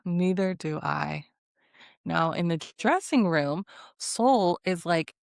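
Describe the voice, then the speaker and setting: A woman's voice: fairly low pitch, clean tone, no room sound, studio quality. A young woman giving a sassy, casual recap of a reality show, with blunt opinions and laughing asides. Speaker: recap vlogger.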